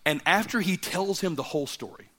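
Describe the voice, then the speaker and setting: A middle-aged male guest preacher telling a story from the pulpit, his voice sitting a little high for a man. He swings between loud, laughing punchlines and hushed, earnest moments. The delivery is lively, with dramatic drops in volume. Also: a little fast. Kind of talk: storytelling sermon.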